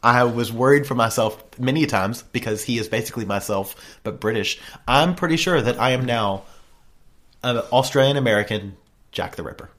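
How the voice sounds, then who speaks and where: A man's voice: medium pitch, normal speed, a bit bright. A man co-hosting a podcast in casual chat, joking and laughing often. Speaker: podcast co-host. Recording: background noise.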